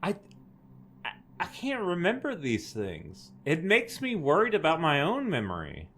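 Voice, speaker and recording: A man's voice: on the high side, huge pitch swings, measured pace, fairly bright tone. A man co-hosting a podcast in casual chat, reacting with playful interjections. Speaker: podcast co-host.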